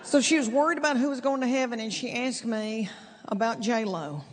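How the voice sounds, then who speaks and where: A woman's voice: fairly high pitch, moderate pace. A middle-aged woman telling stories in stand-up comedy, folksy and self-deprecating, drawing out her punchlines. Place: theater stage. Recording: live theater with long reverb, audience laughter and noise.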